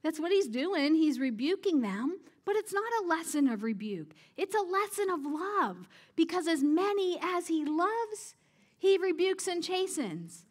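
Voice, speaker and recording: A woman's voice: very high voice, big pitch swings, a little slow. A woman preaching a sermon in a conversational way, often asking her listeners questions and laughing at her own jokes. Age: adult parent. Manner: conversational, asks the audience questions.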